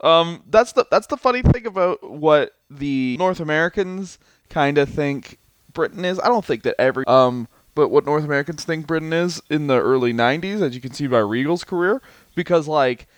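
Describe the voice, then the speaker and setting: A man co-hosting a comedy podcast with a smooth, clear voice pitched a little high. He tells his stories in a loose, rambling way, laughing often, and sounds close-miked and dry. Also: animated, moderate pace, no echo. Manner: rambling storyteller, laughs often, many fillers. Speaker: podcast co-host. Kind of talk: casual comedic chat.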